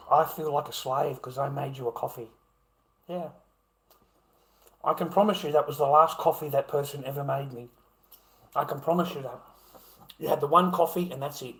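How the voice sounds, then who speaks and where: An Australian man in his fifties rants through a casual livestream, swearing and mocking as he goes. His fairly bright voice sits a little high for a man, and an echoey room rings around every word.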